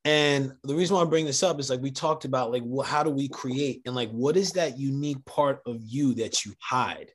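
A man's voice: mid-range voice, moderate pace, hardly any pauses. A man hosting a podcast interview, asking loose, enthusiastic questions full of fillers. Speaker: podcast host.

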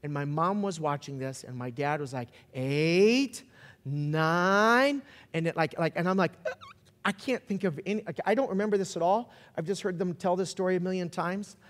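A man preaching in a big hall, his slightly high voice ringing with long reverb. He tells stories as he goes, slowing right down for quiet points, then speeding up and rising to near-shouts. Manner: storytelling, varies pace, builds to shouts. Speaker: pastor. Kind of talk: sermon.

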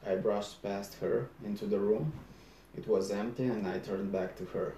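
A man narrating a first-person story aloud in a measured, deadpan manner. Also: on the low side, a little hiss or hum. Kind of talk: first-person audiobook reading. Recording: roomy echo.

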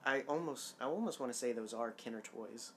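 A man's voice: mid-range voice, fairly quick, a bit bright, a little hiss or hum. Man, casual watch-along co-host; jokey, exclamatory, trivia-minded. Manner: joking, exclamatory, trivia-sharing.

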